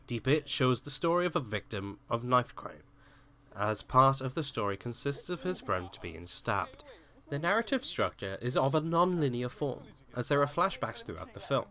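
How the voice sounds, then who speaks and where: A man reading a scripted video essay on film technique, formal and even. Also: medium pitch, normal speed. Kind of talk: read-out video essay narration.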